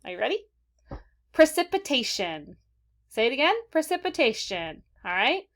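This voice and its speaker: A woman teacher giving a recorded vocabulary lesson to children in an upbeat manner, slowing down to stress key words. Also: fairly high pitch, sing-song, vocal fry, background noise. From California. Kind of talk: recorded classroom lesson for kids.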